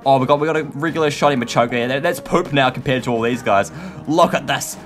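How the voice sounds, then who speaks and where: A man commenting on his own gameplay in a frantic, excitable way, often shouting and squealing. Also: medium pitch, brisk. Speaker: gaming YouTuber. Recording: light background music.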